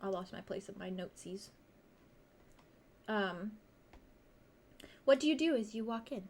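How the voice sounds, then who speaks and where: Woman game master, casual chatty narrator, average pitch. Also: animated, measured pace, darkish tone. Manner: chatty, laughs often, loose filler-heavy narration.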